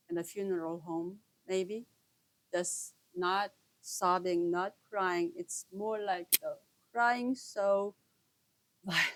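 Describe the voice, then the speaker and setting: Slow, halting woman telling her story. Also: fairly low pitch, poor audio. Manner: halting, broken into short pauses. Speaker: storyteller sharing a personal experience. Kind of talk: slow reflective personal storytelling.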